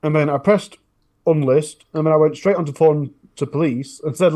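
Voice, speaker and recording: Warm in tone and on the high side, this Northern English man talks at a moderate pace on a podcast, chatting casually about his true crime channel. He comes from northern England and tells his stories in a rambling way, often starting over.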